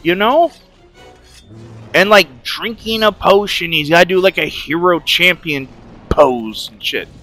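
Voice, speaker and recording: A man giving excited, jokey commentary as he plays a video game, swearing, yelling and chanting through the fights. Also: high-pitched, unhurried, soft background music. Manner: loud, jokey, swears a lot, yells and chants during fights. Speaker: gaming streamer.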